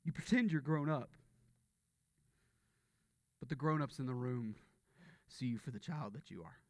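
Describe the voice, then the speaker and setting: A man's voice: medium pitch, normal speed, no echo. A man preaching a sermon in a conversational way, often repeating words and asking the congregation rhetorical questions. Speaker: pastor.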